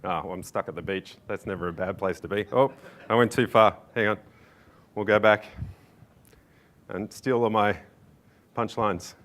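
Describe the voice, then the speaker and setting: Australian man, conference speaker, lowish pitch, laid-back, self-mocking, lots of ums and uhs. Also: normal speed, long pauses. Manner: relaxed, self-deprecating, many fillers. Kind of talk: casual joking conference talk. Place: stage in a conference room.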